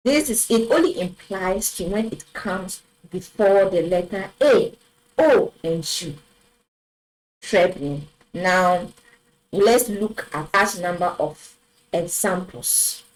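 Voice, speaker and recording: A woman teaching a French lesson online, repeating each example word slowly and clearly. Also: lowish voice, darkish tone, rough recording. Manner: slow, deliberate, repeats words for clarity.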